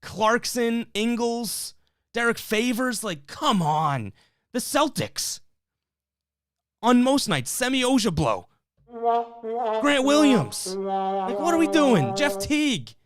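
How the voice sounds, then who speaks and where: A man's voice: very high-pitched, sing-song, slow, long pauses, a bit bright, dry recording, clean studio sound. A man hosting a live sports fan stream, reading chat comments and ranting in a fired-up, rambling way with lots of restarts.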